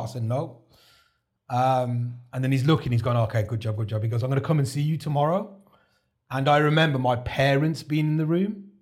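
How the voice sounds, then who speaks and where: In a casual interview, a male podcast guest who underwent a heart transplant talks in a medium-pitched, fairly quick, slightly mellow voice. His manner is chatty, and he reenacts what others told him as he relives the events.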